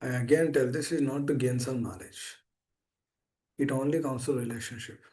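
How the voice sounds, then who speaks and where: A man giving a sermon over an online meeting call, emphatic and pleading, swinging between raised urgent lines and hushed low ones. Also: fairly even intonation, moderate pace. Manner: repeats pleading appeals to the listeners. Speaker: preacher.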